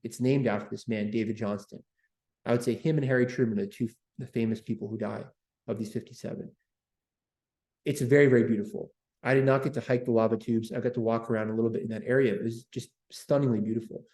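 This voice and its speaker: A man's voice: mid-range voice, fairly even intonation, quick pace, mellow, reverberant. A man hosting a history livestream, chatting with viewers and repeating words as he talks. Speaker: host. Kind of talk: livestream history talk, reading chat.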